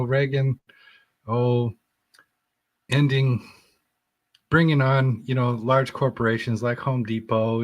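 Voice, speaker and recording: Male podcast guest, mid-pitched, earnest and rambling, full of restarts. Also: no room sound. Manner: rambling and searching for words, with frequent restarts; earnest and enthusiastic, with loud bursts of laughter. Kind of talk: casual conversation.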